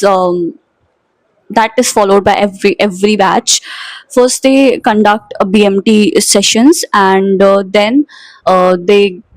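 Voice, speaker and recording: A woman's voice: medium pitch, no echo, poor audio. A young woman in her twenties with an Indian English accent, chatting casually to her vlog viewers and slipping Hindi words into her English. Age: 20s. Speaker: vlogger. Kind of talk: casual chat.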